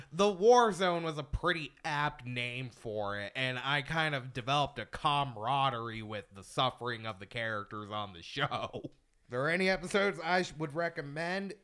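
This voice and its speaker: A man hosting a casual podcast chat, an animated storyteller who swears freely. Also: fairly high pitch, moderate pace, smooth. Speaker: podcast host.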